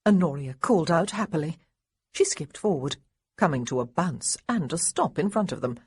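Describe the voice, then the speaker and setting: A woman reads an audiobook with lots of expression, her low-ish voice rising and falling freely. Her tone is husky and breathy, recorded dry and close with no room sound. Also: normal speed, no room sound. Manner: expressive, lively character dialogue. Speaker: audiobook narrator. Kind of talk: audiobook narration.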